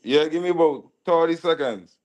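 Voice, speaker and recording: A man guesting on a live stream interview, relaxed, polite and dryly humorous. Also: a little high, normal speed. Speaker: rapper, guest. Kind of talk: casual interview chat.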